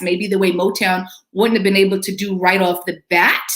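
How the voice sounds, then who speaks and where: A woman's voice: medium pitch, little pitch movement, moderate pace, hardly any pauses, fairly bright tone, reverberant. A woman hosting a casual movie discussion podcast, thoughtful and conversational. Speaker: podcast host.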